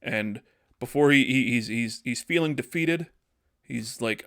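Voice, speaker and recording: Animated man pitching a movie story. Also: measured pace. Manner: animated storytelling, acts out character lines. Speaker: podcast co-host. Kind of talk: casual comedic pitch chat.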